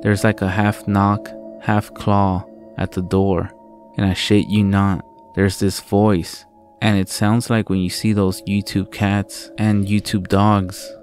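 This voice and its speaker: Deep, flat-voiced horror narrator. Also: male voice. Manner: slow, deliberate, profane storytelling.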